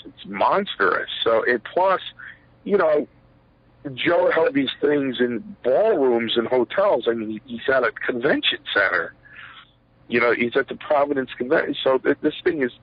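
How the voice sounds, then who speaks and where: In a shoot interview, a middle-aged man who used to wrestle professionally rambles through his stories, using plenty of fillers and acting out quotes. His voice is husky and medium-pitched, captured in a dry, dull lo-fi recording.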